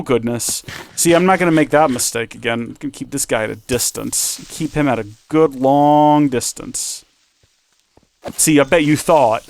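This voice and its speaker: A man's voice: medium pitch, clear, resonant tone. A man hosting a video game let's-play, giving chatty, rambling commentary as he talks to himself and his viewers. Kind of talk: casual gameplay commentary.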